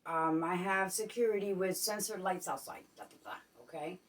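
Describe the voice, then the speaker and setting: A woman's voice: fairly low pitch, normal speed. A woman from Puerto Rico giving casual advice on her vlog at home. She repeats herself and keeps checking in with "okay?". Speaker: vlogger. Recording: voice a bit distant from the mic.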